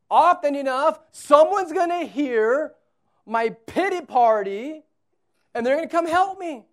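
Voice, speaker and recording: Speaking in a very high voice, a pastor in his thirties delivers a conversational sermon. He alternates hushed asides with loud, insistent repetition.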